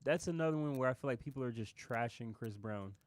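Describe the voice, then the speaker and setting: A man co-hosting a relaxed talk show, giving his opinions bluntly and teasing his partner. His voice sits at a middle pitch, with a faint hiss of noise behind it. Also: fast talker. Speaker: podcast co-host. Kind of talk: casual debate chat.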